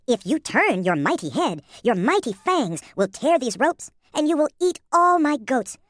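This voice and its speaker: Woman doing a crafty little storybook man, pleading and flattering, high lively voice, music under it. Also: normal speed, no room sound, studio quality.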